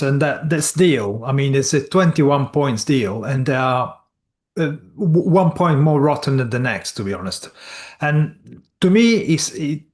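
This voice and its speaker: A man, a guest commentator giving blunt, scornful opinions in colloquial language, often stumbling over his words. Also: mid-range voice. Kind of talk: opinionated discussion.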